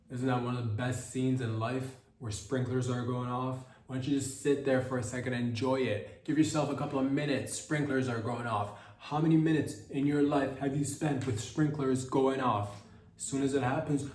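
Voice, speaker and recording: A man's voice: medium pitch, fairly even intonation, moderate pace, a little mellow. Man preaching absurd mock-motivational comedy, roomy echo. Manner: mock-motivational, preachy and absurd, slips into silly quoted voices. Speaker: comedy podcast host. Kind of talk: rambling comic monologue. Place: hot indoor room.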